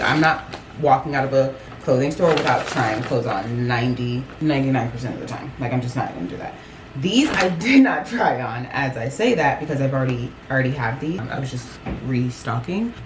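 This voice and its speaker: A young woman vlogging, telling a story in a chatty, animated way with lots of fillers. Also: low voice, background noise. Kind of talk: casual storytelling vlog.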